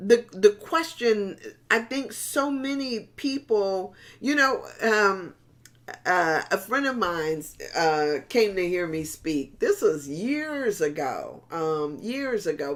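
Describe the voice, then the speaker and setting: A woman's voice: mid-range voice, a bit bright. A middle-aged woman pastor giving a sermon in a conversational style, often repeating and restarting words and addressing the congregation directly.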